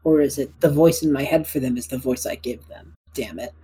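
A woman's voice: extremely low pitch, fairly quick, warm tone, husky, low-quality recording. A woman co-hosting a casual tabletop podcast, reading listener questions and rambling with laughs. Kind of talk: casual chat.

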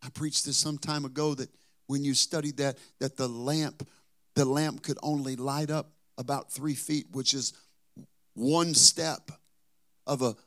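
A man preaching as a pastor, telling a story, moving between quiet asides and emphatic points. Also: medium pitch, steady tone, a little slow. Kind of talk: sermon with personal storytelling.

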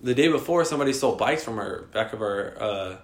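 A man's voice: medium pitch, fast. Young man telling a profane story in an echoey room. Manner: profane, animated storytelling with slang. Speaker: podcast co-host. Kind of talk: casual storytelling chat.

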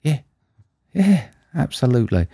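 A man's voice: medium pitch, sing-song, unhurried, warm tone, breathy edge, dry recording. A man co-hosting a casual film review podcast, matter-of-fact and dry in manner. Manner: dry, matter-of-fact, says "mate" often. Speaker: podcast co-host.

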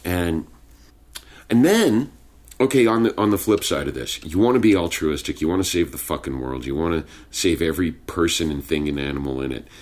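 A man's voice: deep voice, expressive, brisk, a little mellow. A young man chatting casually, telling rambling, profane stories in a laid-back way. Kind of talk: casual chat. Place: home studio with sound blankets.

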